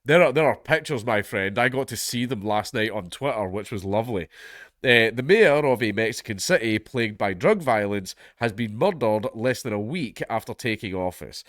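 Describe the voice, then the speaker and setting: A man's voice: lowish voice, animated, normal speed, fairly bright tone, dry recording, clean studio sound. A Scottish man with a blocked-up head cold, hosting his channel and reading a news article aloud while breaking off into sardonic, sweary asides. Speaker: commentary channel host.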